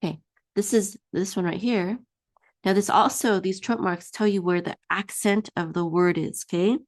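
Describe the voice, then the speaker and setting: A woman teaching a one-on-one Hebrew reading lesson, patiently singing each word out slowly for her student to repeat. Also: medium pitch, dry recording, clean studio sound.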